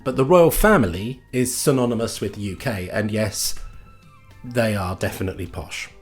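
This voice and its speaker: A man's voice: lowish voice, normal speed, soft background music. A man with a British accent delivering a scripted comic monologue with dry, sardonic mock outrage. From Britain. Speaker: comedy host.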